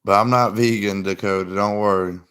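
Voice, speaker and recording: A man's voice: fairly low pitch, steady tone, a little fast, a bit bright. A man hosting a casual livestream, answering viewer comments in a laid-back, rambling way with plenty of "like". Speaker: livestream host.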